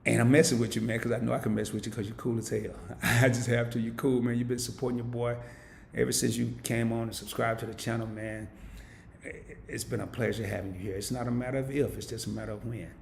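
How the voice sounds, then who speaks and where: A man hosting a casual live stream, reading viewer comments aloud and answering them playfully, swinging from loud hype down to low murmurs. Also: level tone, brisk, gravelly, reverberant, a little hiss or hum. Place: home.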